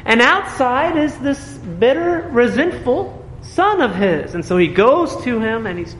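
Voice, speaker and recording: A man with a high, light voice delivers a sermon. His delivery is earnest and emphatic, and he keeps asking rhetorical questions. The sound is echoey, with a long reverb and faint room ambience. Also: sing-song, unhurried, few pauses, a bit bright, slight background noise. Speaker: pastor.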